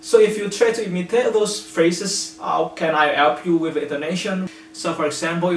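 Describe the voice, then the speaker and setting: An Indonesian-speaking man giving earnest, patient English-learning tips with plenty of examples. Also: on the high side. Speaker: English teacher. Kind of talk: explanatory lesson. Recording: echoey room, slightly distant mic, faint hum.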